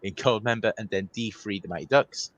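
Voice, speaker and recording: A man co-hosting a podcast, briskly reading through a recap list. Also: lowish voice, a bit bright, lo-fi sound, a little hiss or hum. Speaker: co-host.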